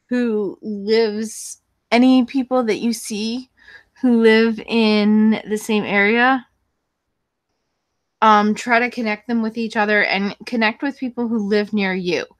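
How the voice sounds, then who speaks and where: A woman's voice: a little high, a bit bright, no room sound. A woman hosting her own channel, chatting casually with viewers in a rambling, blunt and profane way, full of fillers and restarts. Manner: frequent fillers and self-corrections. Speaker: YouTube channel host. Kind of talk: casual chat answering viewers.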